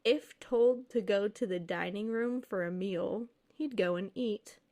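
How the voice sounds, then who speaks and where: A woman's voice: mid-range voice, a little slow, dark tone. A woman podcast co-host reading listener stories aloud, then joking and laughing with her co-host. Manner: reads steadily, then jokes and laughs freely.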